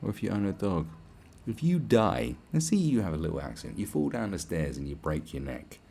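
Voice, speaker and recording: Gravelly-voiced swearing man ranting. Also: deep voice, big pitch swings, brisk, dark tone. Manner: crude, sarcastic, swears constantly, mocking put-on voices. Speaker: podcast host. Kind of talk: ranting monologue.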